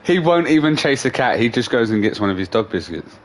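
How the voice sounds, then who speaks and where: A man's voice: mid-range voice, sing-song, quick pace. A young man, a livestream host, telling stories in casual chat, laughing often and swearing freely. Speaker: streamer host.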